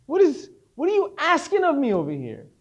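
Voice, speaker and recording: A man voicing a remorseful businessman who pleads loudly and exasperatedly with his teacher. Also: very high-pitched, dull audio, voice pushed up, heavily acted. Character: remorseful middle-aged businessman, pleading and bewildered.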